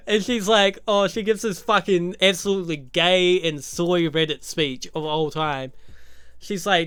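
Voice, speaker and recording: A man's voice: high-pitched, unhurried, fairly bright tone, clear, resonant tone, dry recording, clean studio sound. Crude sarcastic man recapping a movie. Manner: sarcastic, crude, laughing asides. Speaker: YouTube movie commentator. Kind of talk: casual profane movie recap.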